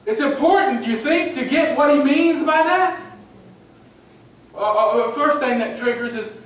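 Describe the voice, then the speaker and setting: A pastor with a very high, slightly bright voice delivers a sermon at a measured pace, repeating phrases emphatically and frequently asking his congregation "amen?" He is captured far from the mic in an echoey church hall, with a little background noise.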